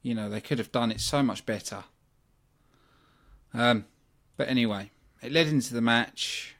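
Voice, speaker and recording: At normal speed, a British man hosting a wrestling review podcast talks in a mid-range, slightly bright voice. He's casual and blunt in his opinions, sprinkling in plenty of ums and asides.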